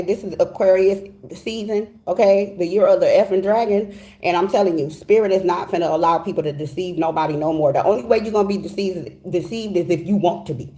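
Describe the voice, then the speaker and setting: A middle-aged woman gives a casual, heartfelt tarot reading in a lowish, mellow voice. She is emphatic and chatty, frequently asking "okay?" and repeating "you know what I'm saying."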